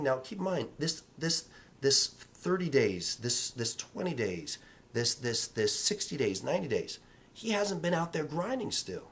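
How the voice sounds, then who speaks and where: A man's voice: fairly high pitch, sing-song, moderate pace. A man in real estate speaking in a casual vlog, giving emphatic, repetitive motivational advice in a coaching tone.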